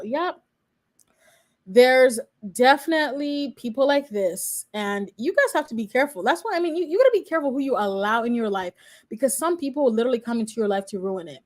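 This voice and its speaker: A woman's voice: sits high, expressive, a little fast. A woman in her twenties, a law student reacting live and chatting straight to her viewers. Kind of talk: live reaction stream commentary.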